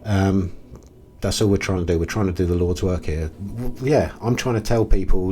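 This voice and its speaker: A man's voice: sits low, brisk, warm tone. A man hosting a casual commentary video, talking in a blunt, exasperated way with frequent ums and restarts. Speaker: crypto video host.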